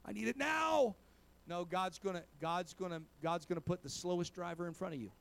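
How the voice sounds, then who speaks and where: A man, a pastor, preaching a sermon. He peppers his talk with amen and praise God, and swings from quiet asides to loud exhortation. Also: sits high, fairly quick, vocal fry, a little hiss or hum.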